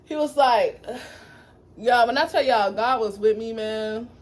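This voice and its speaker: A young adult woman telling a dramatic personal story to her viewers in a lively, animated way. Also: fairly high pitch, a little slow. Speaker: vlogger. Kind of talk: storytime vlog.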